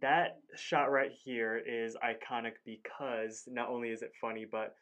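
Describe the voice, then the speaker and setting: A male podcast co-host casually recaps a cartoon episode in a slightly bright, mid-range voice, keeping a steady tone and measured pace. He rambles, says "like" a lot and acts out the characters' lines.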